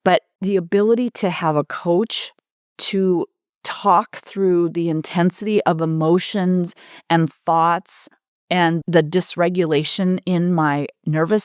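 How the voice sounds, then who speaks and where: A woman's voice: fairly low pitch, measured pace, no echo, studio quality. A middle-aged woman hosting her own coaching podcast, speaking earnestly and heartfelt, with emphatic repetition. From United States. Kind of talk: personal podcast monologue.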